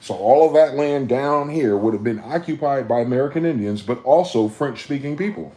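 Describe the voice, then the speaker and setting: A man hosting a livestream, ranting with profanity, repeating words in chains and breaking into sudden high-pitched shouts. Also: brisk, hardly any pauses. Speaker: livestream host. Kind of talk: livestream monologue.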